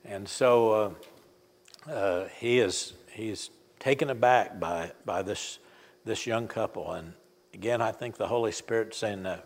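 Older preacher, halting, in a reverberant hall. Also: male voice, fairly low pitch. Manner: folksy, halting, many fillers and restarts. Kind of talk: sermon storytelling.

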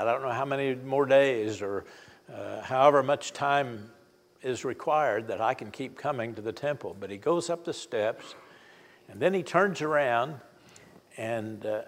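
Older preacher, halting, in a reverberant hall. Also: male voice, mid-range voice. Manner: folksy, halting, many fillers and restarts. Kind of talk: sermon storytelling.

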